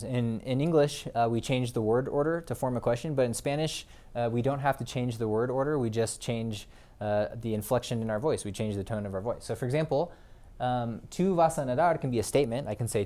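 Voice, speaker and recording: A man's voice: medium pitch, dark tone. A man teaching a recorded Spanish grammar lesson, explaining step by step and checking in with the class.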